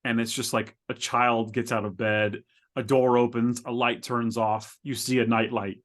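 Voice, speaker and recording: A man's voice: level tone, normal speed, fairly bright tone. A man co-hosting a podcast in casual chat, rambling and stammering as he describes things, laughing often. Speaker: podcast co-host. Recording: lower quality than usual.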